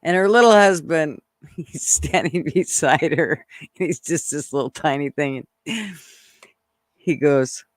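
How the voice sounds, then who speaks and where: A woman hosting a casual livestream, chatting excitedly and laughing often as she reads viewers' comments. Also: low-pitched, slow pace, pauses often, no room sound, clean studio sound. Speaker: channel host reading live chat.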